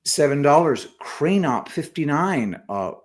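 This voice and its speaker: A man co-hosting a casual livestream, reading viewer messages aloud and adding quick remarks. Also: on the high side, sing-song. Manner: reads super chats aloud with quick asides. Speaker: co-host reading donor messages.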